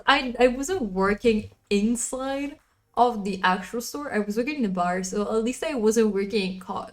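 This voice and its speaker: Woman streamer, relaxed rambling live chat, middle pitch, soft music underneath. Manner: rambling, chatty, answers chat.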